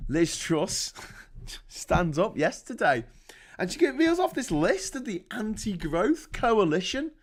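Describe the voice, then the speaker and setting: A man's voice: high voice, big pitch swings, slow pace. A man from the North of England, ranting casually and sarcastically on a live stream, swearing a lot and rambling.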